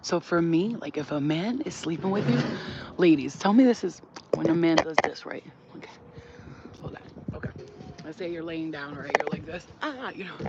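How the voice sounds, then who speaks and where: Frank, animated woman vlogger. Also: fairly low pitch, dull audio, heavy background noise. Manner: frank, animated, laughing often, acting things out with sounds. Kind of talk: casual to-camera chat. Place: at home while cooking.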